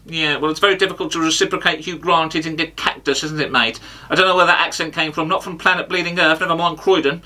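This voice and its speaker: A man's voice: fairly high pitch, bright, forceful tone, recorded from a distance. A man voicing a brash, pompous male football pundit in a comedy impression sketch, full of mock bravado and insults.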